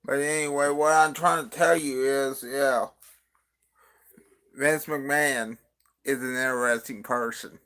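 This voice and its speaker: A man's voice: medium pitch, fairly even intonation, unhurried, long pauses, bright, forceful tone, clean tone. A man hosting a show, talking in a rambling, loose way and chuckling. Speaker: host. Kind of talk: casual commentary.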